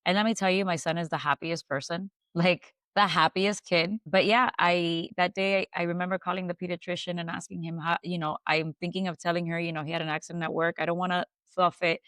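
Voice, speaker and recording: Low-voiced woman telling a painful story. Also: steady tone, no echo. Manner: halting, with restarts and soft fillers. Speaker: guest. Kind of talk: emotional personal storytelling.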